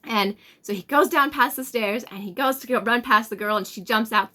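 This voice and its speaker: A woman's voice: on the high side, brisk, few pauses, pushed and bright. A young woman chatting casually to camera and telling a story, rambling with plenty of fillers. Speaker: tarot vlogger.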